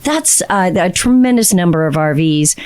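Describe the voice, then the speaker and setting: A woman co-hosting a casual podcast chat, reading out statistics with fillers and drawn-out emphasis. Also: fairly low pitch, lively intonation, a little mellow, clear, resonant tone. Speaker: podcast co-host sharing industry statistics.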